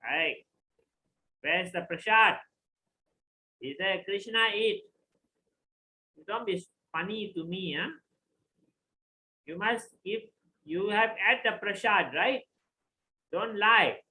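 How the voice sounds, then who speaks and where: A man doing a loud scolding mother. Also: high-pitched, takes it slowly, pauses often, full character voice, poor audio.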